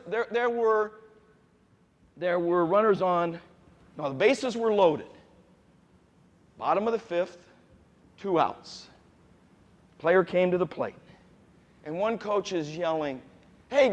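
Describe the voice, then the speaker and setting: Brief: animated high-voiced man as youth basketball coach, quizzing kids, long gym reverb. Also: highs cut off. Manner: animated, asks the players questions, repeats key points. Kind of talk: coaching clinic instruction. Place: gym with players on court.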